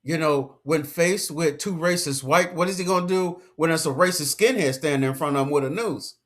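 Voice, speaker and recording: A man with a fairly high voice delivering an emphatic, slangy commentary rant. He lectures his listeners and hammers each point home by repeating it. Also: brisk. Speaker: commentary vlogger.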